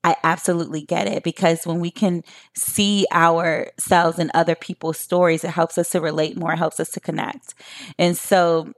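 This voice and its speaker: A woman's voice: on the low side, flat delivery, normal speed. A woman in her thirties hosting a solo podcast, talking to her listeners in a chatty, emphatic way. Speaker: podcast host.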